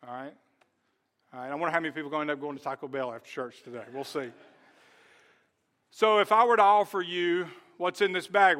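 A male pastor preaching a sermon in church. He speaks earnestly and directly, putting questions to the congregation and slowing down to stress key words. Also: a little high, sharp tone. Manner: talks straight to the congregation with questions.

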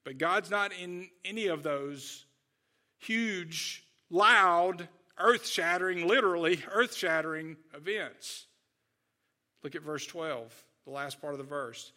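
A man's voice: fairly high pitch, takes it slowly, sharp tone. A male pastor preaching a sermon in an earnest, conversational way, often checking in with "right?" and "okay?".

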